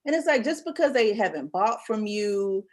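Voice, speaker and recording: Host: mid-pitched woman, encouraging and emphatic, easy conversational flow. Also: lively intonation, normal speed. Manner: warm, encouraging, emphatic asides. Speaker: podcast host. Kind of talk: casual interview chat.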